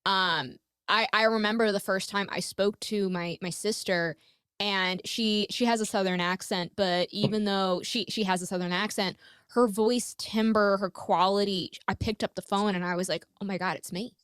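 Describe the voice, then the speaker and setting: A woman's voice: mid-range voice, steady tone, normal speed, a bit bright, clean tone, dry recording, clean studio sound. A woman hosting a podcast, talking candidly and swearing freely in casual conversation. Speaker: podcast host.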